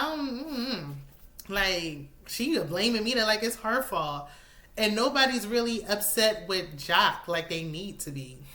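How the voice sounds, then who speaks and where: A woman, casually recapping a reality show with sassy, animated asides. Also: on the high side. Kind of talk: casual chat.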